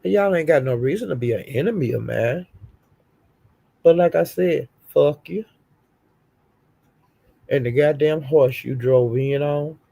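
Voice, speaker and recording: A middle-aged woman hosts a livestream with a gravelly, fry-heavy voice. She scolds and curses hard, and every line is emphatic. The sound is close and dry. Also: very deep voice, dark tone, dry recording. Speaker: livestream host. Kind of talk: heated livestream rant.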